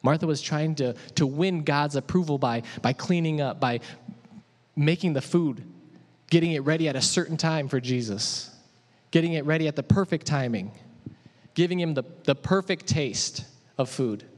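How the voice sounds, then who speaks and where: A man preaching a sermon in a conversational, animated way, asking his audience questions. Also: a little high, normal speed. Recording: echoey hall.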